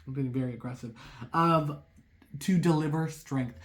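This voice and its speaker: An excitable tarot reader talks straight to viewers in a casual reading. Their voice sits in a middle range and their thoughts race ahead. The delivery is loose and rambling, full of "like" and apologetic side remarks. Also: mid-range voice, normal speed. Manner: rambling, heavy use of "like"; apologetic asides.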